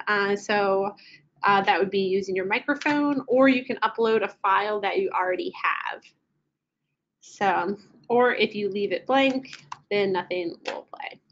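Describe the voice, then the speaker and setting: Casual woman walking through software. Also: medium pitch, highs cut off, slight background noise. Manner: casual, many ums and uhs while clicking through. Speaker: software trainer. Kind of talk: screen-share product walkthrough.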